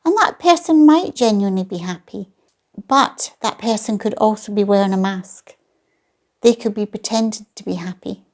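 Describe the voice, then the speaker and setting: A middle-aged woman hosting a lifestyle channel, giving calm, reassuring self-care advice and slowly repeating key points. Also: medium pitch.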